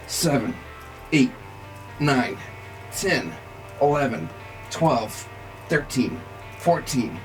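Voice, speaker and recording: A young man with a medium-pitched voice is live streaming, joking playfully with his chat and counting out workout reps. The audio quality is poor.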